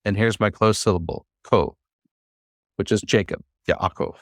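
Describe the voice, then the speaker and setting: A man's voice: on the low side, steady tone, a little fast, no room sound, studio quality. A man teaching a class, who explains patiently and coaxes his students to try reading aloud. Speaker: Hebrew teacher.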